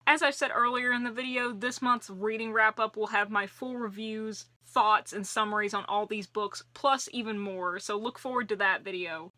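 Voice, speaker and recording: Young female book vlogger, chatty, bright and crisp voice, dry close sound. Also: fairly high pitch, no echo. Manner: chatty and animated, playful asides. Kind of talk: casual vlog talk to camera.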